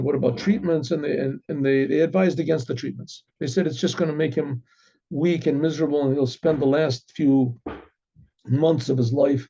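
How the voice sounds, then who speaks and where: A man's voice: a little high, dark tone, breathy edge. A man, a rabbi, telling a story in a casual, rambling way full of restarts. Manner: rambling, many restarts and fillers. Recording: dull lo-fi recording.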